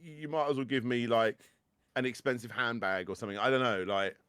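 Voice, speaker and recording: A man's voice: mid-range voice, fairly even intonation, brisk, a bit bright, smooth, dry recording. Man, middle-aged podcast host, dry sound, stammering, wry. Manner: stammering restarts, dry joking. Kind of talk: casual chat.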